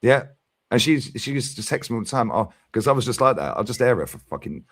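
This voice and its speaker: A man's voice: mid-range voice, sing-song, fast, fairly bright tone, no room sound. A man hosting a casual football fan chat, blunt and sweary, tagging "yeah?" onto his points. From London. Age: 40s. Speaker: fan channel host.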